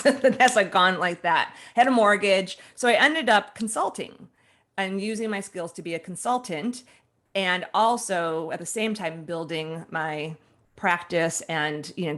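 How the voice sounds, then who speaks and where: A guest author in her forties shares a personal story during an interview, animated and laughing as she acts out what she used to think. She speaks at normal speed in a lowish voice.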